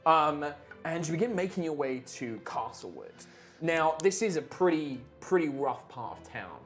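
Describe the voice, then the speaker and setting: A man's voice: fairly high pitch, big pitch swings, normal speed, faint music behind. A man running a tabletop superhero game, describing scenes with loose, filler-heavy narration. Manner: rambling descriptions with many fillers. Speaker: game master.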